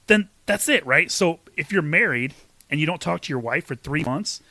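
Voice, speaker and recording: Bright, lively man who keeps laughing. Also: on the high side, normal speed, dry recording. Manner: laughs often, playful and teasing. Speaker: podcast co-host. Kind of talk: casual podcast chat.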